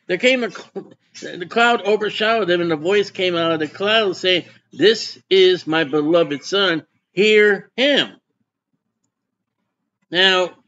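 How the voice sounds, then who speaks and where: A man's voice: high-pitched, pushed and bright, highs cut off. A man preaching a sermon as pastor, folksy and conversational, often putting questions to his congregation.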